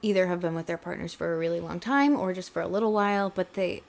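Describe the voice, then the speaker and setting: A woman's voice: on the low side, quick pace, vocal fry. A young woman co-hosting a podcast, talking casually with many fillers. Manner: chatty, many "like" fillers, tearful at times. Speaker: podcast co-host. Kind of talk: casual chat.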